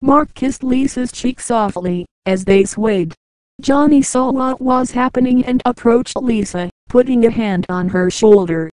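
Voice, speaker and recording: A woman reading a novel aloud as an audiobook narrator, in a measured, even way, dropping lower for the men's lines. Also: no room sound, poor audio. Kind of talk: audiobook narration with light character voices.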